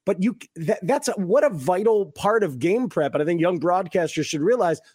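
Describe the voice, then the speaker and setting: A man's voice: sits high, animated, moderate pace, darkish tone, slightly rough, no room sound, clean studio sound. A man hosting a casual chat, earnest, acting out the people he quotes as he tells stories. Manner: earnest, acts out quotes with shifts in voice.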